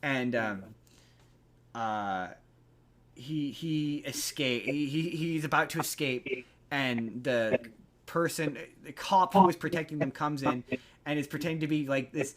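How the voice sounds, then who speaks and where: A man co-hosting a podcast, retelling a film with lively energy, tripping over his words and slipping into quoted voices. His voice sits a little high for a man. A clear crowd murmur runs behind him. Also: measured pace. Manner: animated retelling, acts out quotes, stammers and restarts. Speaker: podcast co-host. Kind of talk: casual chat.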